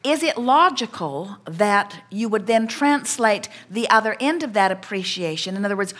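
Calm woman speaking as "we". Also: mid-range voice. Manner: measured, reassuring, coaching tone. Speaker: seminar speaker answering a participant. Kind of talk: speaking as a collective "we" in a spiritual seminar.

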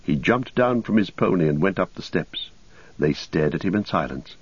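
Audiobook narrator, male, deep husky voice, measured, lo-fi sound. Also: lively intonation, no echo. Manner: measured storytelling. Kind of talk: scripted narration. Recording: dull lo-fi recording.

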